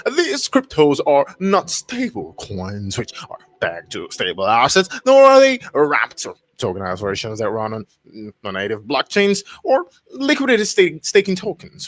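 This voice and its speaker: A man hosting a casual livestream, reading an article aloud haltingly and breaking off to react and greet his chat. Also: medium pitch, a bit bright, no room sound. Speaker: livestream host.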